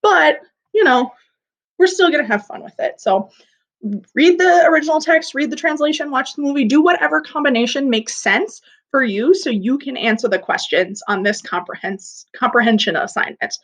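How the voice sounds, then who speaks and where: A woman's voice: high-pitched, normal speed, fairly bright tone. A young woman teaching an English class online in a chatty, playful way, explaining things simply. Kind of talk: recorded online class lesson.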